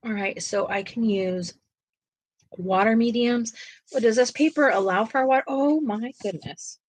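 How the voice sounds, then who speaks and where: A woman's voice: on the high side, measured pace, no room sound. A woman hosting a coloring livestream, chatting casually and talking to her viewers in the chat as she colors. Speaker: livestream host.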